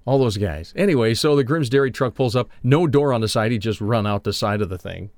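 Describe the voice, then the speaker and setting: A man's voice: medium pitch, lively intonation, a little fast, a little mellow, no echo. Jokey male radio host. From United States. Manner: jokey, playful, puts on silly voices. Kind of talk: casual morning radio chat.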